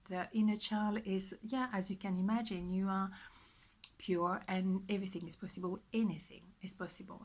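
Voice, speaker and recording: A woman's voice: mid-range voice, rough recording. A woman giving a general pick-a-card tarot reading in a chatty, repetitive way. She often drops her voice to a whisper. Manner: soft-spoken, often dropping to a whisper; chatty, repetitive, self-reassuring. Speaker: tarot reader.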